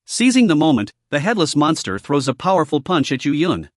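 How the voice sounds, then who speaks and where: Guy narrating a comic recap, animated, kinda high, dry close mic. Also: fairly quick, no echo.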